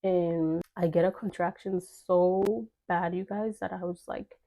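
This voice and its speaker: A woman's voice: on the low side, fairly even intonation, unhurried, mellow. A young woman telling a personal story in casual vlog chat, full of fillers and quoted dialogue. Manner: chatty, filler-heavy, acts out quoted dialogue.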